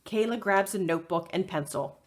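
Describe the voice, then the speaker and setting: A woman librarian reading a chapter book aloud for children, slowly and expressively. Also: medium pitch. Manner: slow, very expressive. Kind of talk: read-aloud storytime.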